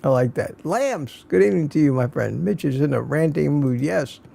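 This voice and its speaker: A man's voice: fairly high pitch, lively intonation, normal speed, vocal fry, dark tone. An older man hosting a casual livestream, greeting viewers by name and reading their comments aloud in a folksy way. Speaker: livestream host.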